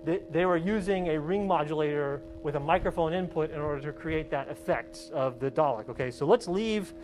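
A man's voice: fairly high pitch, a little fast, noisy background. A male professor giving a casual, hands-on classroom demonstration and checking in with his students with a frequent "okay?". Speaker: college professor.

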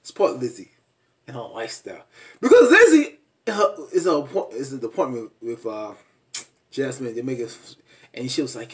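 A man recapping a reality show in a casual vlog, animated and laughing, mimicking people with high squeals. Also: normal speed, recorded from a distance. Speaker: reality TV reviewer.

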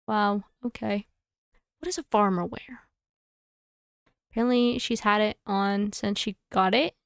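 A woman streamer chatting casually to herself and her audience while playing a game, thinking aloud with quick asides. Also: mid-range voice, fairly even intonation, smooth, no echo.

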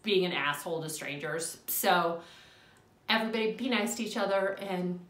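A young woman telling an animated, exasperated storytime rant at home, swearing and laughing as she goes. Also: on the low side, moderate pace, echoey room. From US Midwest. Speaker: vlogger.

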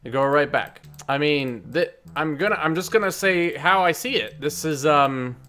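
A man hosting a let's play, joking and breaking into loud excited outbursts as he plays. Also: fairly high pitch, normal speed. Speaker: gaming video host.

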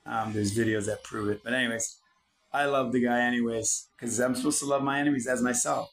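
A foul-mouthed man lecturing in a preachy, blunt monologue, cursing nearly every line. His voice sits at an ordinary middle pitch, and his delivery drifts from hurried to drawn-out as he pauses to write things down. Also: fairly even intonation, low-quality recording. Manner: swears constantly, preachy and blunt. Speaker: channel host. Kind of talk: profane motivational monologue.

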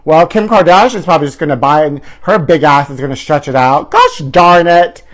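A man's voice: on the high side, fast talker. A man hosting a live celebrity gossip stream. He talks in a campy, theatrical way, calls viewers honey and trashy, and swoops up into mock outrage.

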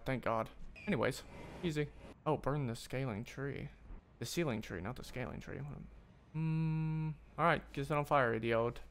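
A man's voice: mid-range voice, slight background noise. A man streaming a video game, reacting aloud with sudden outbursts and swearing, often talking to the enemies on screen. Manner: excitable, swearing, talks to the game. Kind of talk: gaming commentary.

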